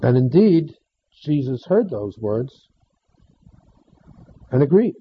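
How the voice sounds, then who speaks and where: A man telling a story to an audience in short, unhurried phrases, pausing for emphasis. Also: medium pitch, big pitch swings, breathy edge. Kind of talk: storytelling talk. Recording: dull lo-fi recording.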